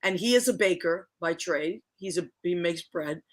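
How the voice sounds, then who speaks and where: A woman's voice: fairly low pitch, moderate pace. A middle-aged woman hosting a casual online chat show, talking chattily about her cooking, with many restarts and easy laughter. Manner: chatty, warm, laughs easily, restarts often. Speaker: show host.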